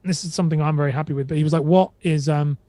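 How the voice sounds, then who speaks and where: A man's voice: fairly high pitch, steady tone, very fast, mellow, no room sound. A man on a podcast who chats casually, rambling and retelling quotes with many restarts. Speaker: podcast guest. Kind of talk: casual conversation.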